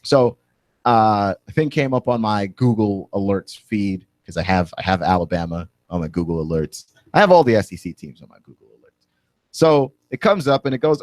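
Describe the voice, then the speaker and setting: A man's voice: on the low side, animated, moderate pace, dry recording. A man hosting a radio talk show, ranting with indignant, rising emphasis from a studio microphone.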